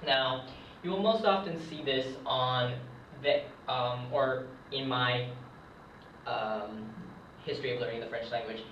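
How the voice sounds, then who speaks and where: Slow, hesitant young man teaching. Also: medium pitch, a bit bright, slight background noise. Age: young adult. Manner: hesitant, many ums, slow and unhurried. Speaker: hobbyist French teacher. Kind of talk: casual whiteboard lesson. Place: room, writing at a board. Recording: echoey, distant, dull lo-fi camera audio.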